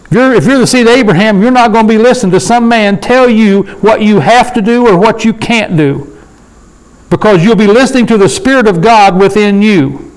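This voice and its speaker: A man leading a Bible study sermon in a conversational way, slowing down to read scripture and often asking his listeners for agreement. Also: high voice, poor audio. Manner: conversational, asks the room for agreement; slows down to read scripture aloud. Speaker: preacher.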